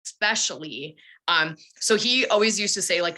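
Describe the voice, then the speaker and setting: Bright-voiced chatty woman. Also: fairly low pitch, moderate pace. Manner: animated, chatty storytelling. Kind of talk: casual podcast conversation.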